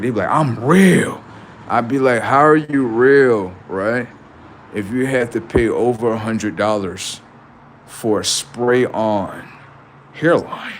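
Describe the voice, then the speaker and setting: A man's voice: on the low side, slight background noise. A man hosting a livestream, improvising a mocking comedy roast full of rhetorical questions, speaking. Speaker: livestream host.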